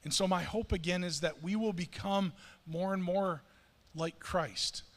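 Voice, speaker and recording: Middle-aged guy preaching in church, casual and earnest, kinda high voice, big echoey hall. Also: measured pace. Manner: conversational, earnest, self-deprecating. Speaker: pastor. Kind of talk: sermon. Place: church sanctuary. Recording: long hall reverb.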